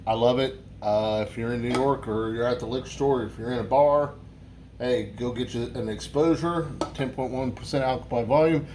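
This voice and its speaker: A man's voice: medium pitch, moderate pace, darkish tone, slight background noise. A man hosting a casual beer review vlog, rambling and swearing, with lots of restarts.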